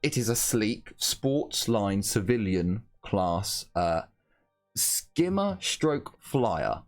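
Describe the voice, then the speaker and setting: Slow, lively game master narrating. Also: male voice, lowish voice, faint music behind. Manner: meandering, full of fillers and restarts.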